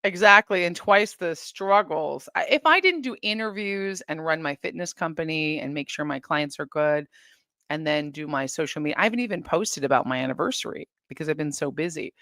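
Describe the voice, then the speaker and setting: A woman's voice: deep voice, expressive, a little fast, sharp tone, dry recording, studio quality. Chatty woman hosting a home livestream. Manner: chatty, talks straight to viewers, reads comments aloud. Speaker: livestream host. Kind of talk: casual livestream chat. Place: her home.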